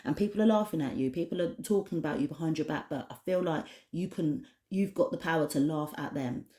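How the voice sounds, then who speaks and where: A woman from the United Kingdom talks through an oracle card reading in a chatty, passionate way, with many restarts. Her voice is low and mellow, and the room gives it a clear echo. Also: fast talker. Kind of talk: casual spoken card reading to camera.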